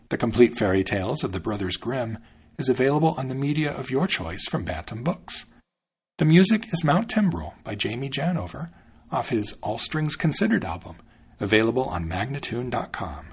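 Male podcast host narrating folk tales; gravelly, husky voice with plenty of pitch movement. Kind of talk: storybook narration.

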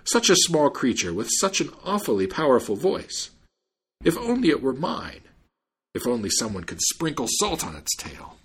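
A man voicing a whining old male peddler in a high, pleading voice. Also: sing-song, moderate pace, hardly any pauses, a bit bright, breathy edge, full character voice.

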